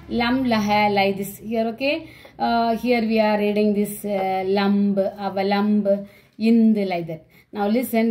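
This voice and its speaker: A woman teacher with an Indian English accent, giving an online class lesson. She explains slowly, repeating letters and words, with many fillers. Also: medium pitch, mellow, low-quality recording. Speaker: school teacher.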